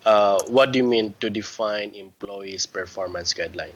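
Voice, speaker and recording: A man teaching a one-on-one English lesson, patiently correcting his student's words and often clearing his throat. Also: lowish voice, moderate pace, lo-fi sound. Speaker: English tutor.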